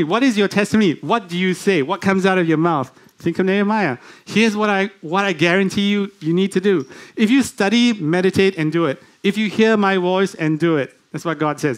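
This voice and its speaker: A man's voice: high-pitched, normal speed. A man preaching a sermon in a church, speaking conversationally and putting many questions to the congregation. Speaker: guest preacher.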